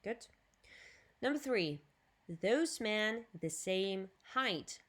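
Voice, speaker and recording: This woman speaks with a Ukrainian accent and teaches English vocabulary and grammar in a recorded lesson. She keeps a slow, deliberate pace and drills each word clearly for her students. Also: medium pitch, lively intonation, a bit bright. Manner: slow, clear drilling with switches to Russian explanations.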